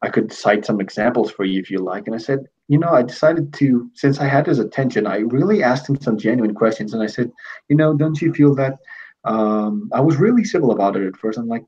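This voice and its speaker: Stream host from Greece, low and husky, rambling storyteller on a dull lo-fi line. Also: male voice, expressive, brisk, a little mellow. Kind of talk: casual livestream chat.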